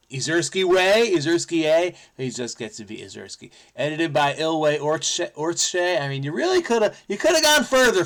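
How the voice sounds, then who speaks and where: Upbeat man thinking aloud, a bit high. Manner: energetic, playful, muttering to himself between clues. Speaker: crossword solving channel host. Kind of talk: thinking aloud while solving a puzzle.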